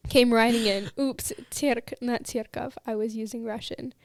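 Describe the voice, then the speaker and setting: A woman co-hosting a podcast, reading listener stories aloud and chatting with a giggly, animated manner. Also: on the high side, moderate pace, no echo. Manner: giggly, animated when amused. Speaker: podcast co-host.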